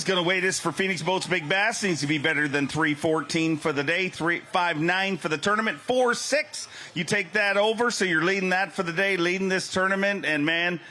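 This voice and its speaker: A man emceeing a fishing tournament weigh-in on an outdoor stage, hyping anglers with loud booming calls. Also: moderate pace, hardly any pauses, faint music behind. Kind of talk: weigh-in announcing.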